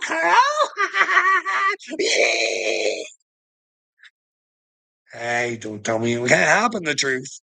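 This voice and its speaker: A man with a gravelly voice in an angry, profane rant, laughing between lines and tagging sentences with "eh" and "you know what I mean". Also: medium pitch, bright, forceful tone. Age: adult, father of grown sons. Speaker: vlogger ranting to camera.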